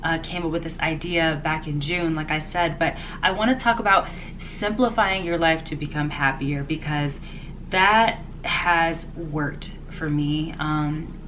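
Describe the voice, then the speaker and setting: A woman's voice: low voice, unhurried, a bit bright, a little hiss or hum. A congested woman chatting in a rambling, unedited home vlog, laughing often. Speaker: vlogger. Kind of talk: casual unedited vlog chat.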